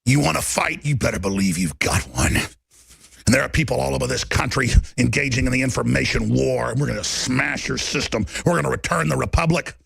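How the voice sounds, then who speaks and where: A male radio talk show host delivering a fiery on-air rant, swinging from shouted outbursts to low muttering. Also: animated, a little fast, creaky, husky, no room sound.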